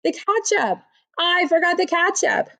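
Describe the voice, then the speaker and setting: A woman reading aloud and voicing a cheerful, literal-minded housekeeper with a folksy, drawn-out manner. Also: sits high, very animated.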